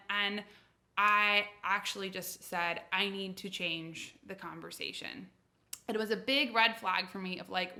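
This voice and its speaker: Young woman from the US, intuition coach, casual chatty vlog delivery, bright voice, animated storyteller. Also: mid-range voice. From United States. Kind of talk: casual talk to camera.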